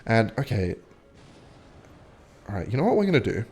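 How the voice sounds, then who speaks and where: A young man telling a rambling, swear-filled story while commentating his own gameplay, with sudden excited outbursts. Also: on the low side, moderate pace, faint music behind. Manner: animated, swearing, bursts of excitement while playing. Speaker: gaming vlogger.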